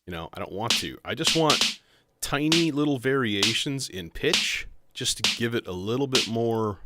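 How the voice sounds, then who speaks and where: Hosting a laid-back livestream on modular synths, a man wanders from thought to thought and breaks into his own sentences. He has a medium pitch with lively intonation at a moderate pace, and faint synth music plays in the background.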